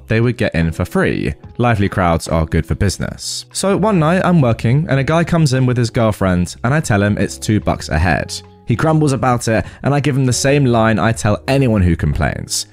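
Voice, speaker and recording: Animated man reading storytime. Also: mid-range voice. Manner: animated, incredulous commentary. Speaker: storytime podcast host. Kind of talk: reading and commenting on online stories.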